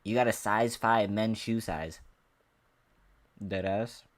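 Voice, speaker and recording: Guy with a lowish voice going off on a fighting vlog, cussing, rambly, heated. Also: slow. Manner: profane, heated, rambling with restarts. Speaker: MMA commentary vlogger. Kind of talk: ranting casual monologue to camera.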